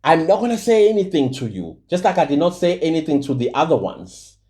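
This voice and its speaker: A man's voice: a little high, big pitch swings, fairly quick, darkish tone. A South African man hosting his own channel, giving heated, preachy commentary to camera and repeating points for emphasis. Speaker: channel host.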